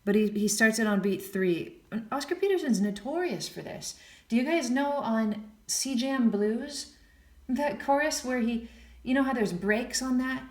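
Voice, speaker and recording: In a room with a piano, a woman teaches a relaxed jazz piano lesson, counting beats out loud, scatting lines and making chatty, self-deprecating remarks. Her voice sits fairly high, animated and a touch slow. The room echoes, with piano playing underneath.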